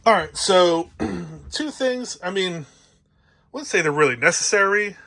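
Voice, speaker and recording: A man's voice: high-pitched, animated, a little slow, creaky, pushed and bright. A man with a New Jersey accent, vlogging casually from inside a travel trailer and showing off gear in a rambling, upbeat way, with lots of fillers. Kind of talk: casual show-and-tell vlog.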